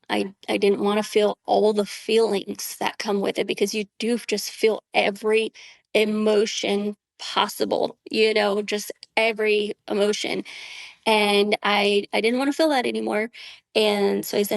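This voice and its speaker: A woman's voice: medium pitch, gravelly, dry recording. A woman guest on a podcast, giving a heartfelt personal faith testimony in an earnest way, with many "you know" fillers.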